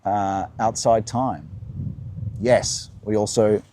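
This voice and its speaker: A man's voice: on the low side, fairly even intonation, takes it slowly, dark tone. A man hosting a live-streamed talk while walking outdoors, musing and answering his own questions. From Australia. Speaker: host. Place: outdoors by the coast.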